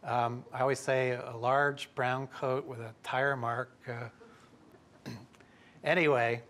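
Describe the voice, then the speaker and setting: A middle-aged man from Canada telling a lively story to an audience, acting out the voices of the people in it. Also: mid-range voice, slow pace. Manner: lively, acts out quoted voices. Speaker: professor telling a story at a talk.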